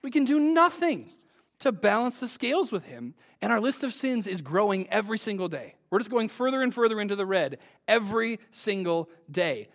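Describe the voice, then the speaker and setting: High-voiced man preaching a sermon. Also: big pitch swings, moderate pace, a bit bright. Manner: earnest, rising to emphatic peaks.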